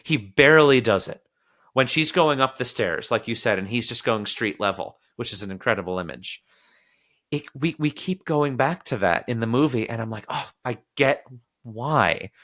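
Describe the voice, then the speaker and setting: A man hosting a podcast, talking about a film in an animated, casual way and sometimes quoting characters in little acted voices. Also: medium pitch, moderate pace. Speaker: podcast host.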